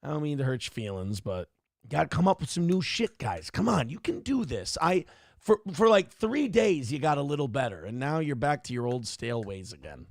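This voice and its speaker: A man's voice: medium pitch, sing-song, brisk, creaky, no echo, clean studio sound. A man hosting a live-stream commentary show, talking in a sarcastic, profane, mocking way. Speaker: show host.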